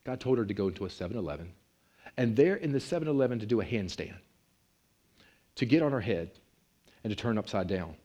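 A low-voiced man preaching, his delivery animated and climbing sharply when the story builds. He tells the story from the pulpit and speaks straight to the congregation. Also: fast talker, long pauses, lo-fi sound. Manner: animated, with big swings in pitch and loudness. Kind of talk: sermon storytelling.

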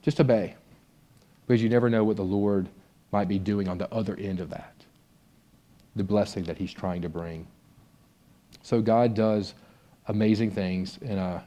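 A man's voice: lowish voice, steady tone, moderate pace, pauses often, mellow. A man preaching a conversational sermon and reading a story aloud from a book with expression. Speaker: pastor.

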